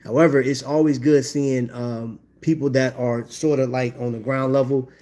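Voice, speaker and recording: A man's voice: medium pitch, steady tone, moderate pace, mellow. Laid-back chatty man streaming live. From Indiana. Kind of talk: casual live-stream chat.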